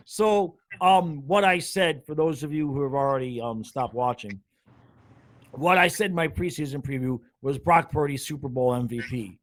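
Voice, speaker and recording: A man's voice: on the high side, measured pace. A man with a slightly raised voice hosts a casual sports chat over a video call. He rambles, laughs easily and pokes fun at his own show. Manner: laughing, rambling, self-mocking. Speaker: show host.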